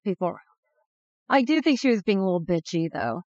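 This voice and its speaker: A woman's voice: on the low side, very animated, a little fast, a little mellow, dry recording, dull audio. Frank, offhand female podcast co-host. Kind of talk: casual chat.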